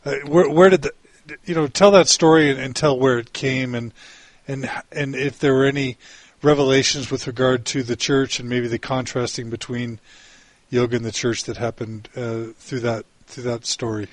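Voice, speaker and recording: A man interviewing a guest, asking questions haltingly, with many restarts and fillers. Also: medium pitch, steady tone, no room sound. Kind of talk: casual interview.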